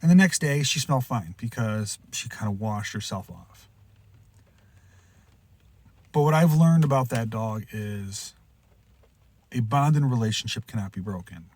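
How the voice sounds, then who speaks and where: A man hosting a podcast, telling a rambling pet story in a casual way, restarting often and jumping into loud, high voices when he quotes someone. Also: dry recording. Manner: rambling, with frequent restarts and asides. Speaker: podcast host.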